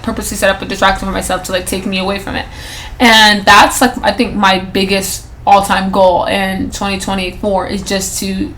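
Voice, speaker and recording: A woman's voice: medium pitch, fairly bright tone, poor audio. A woman in her twenties hosting a solo podcast, talking casually and rambling, often restarting and correcting herself with plenty of "like" and "you know". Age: 20s. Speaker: podcast host.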